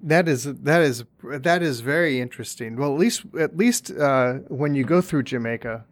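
Male podcast host, middle pitch, halting delivery, tells jokes. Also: expressive. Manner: hesitant, many restarts, tells jokes. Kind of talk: casual chat and joke telling.

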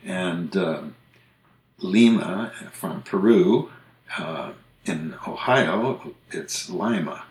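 Man, podcast host, casual chat, explanatory, very low voice, roomy echo. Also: very slow. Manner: relaxed, explanatory, listing examples one by one. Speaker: podcast host discussing language usage.

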